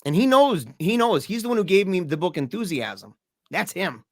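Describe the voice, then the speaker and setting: A lively man on a podcast tells a long story from his own life in a loose, chatty way, and he plays out what each person said with his voice. He has a slightly high voice for a man. The sound is dry and close, with no room echo. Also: normal speed. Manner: animated, acts out the voices in his stories. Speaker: podcast guest. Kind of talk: casual storytelling in conversation.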